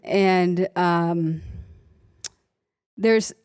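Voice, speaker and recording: A woman's voice: lowish voice, extremely slow, smooth. A young adult woman, an emergency room nurse and author, telling stories from her work in a conversational talk, acting out the people in them. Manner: animated storytelling, voices her patients, laughs often.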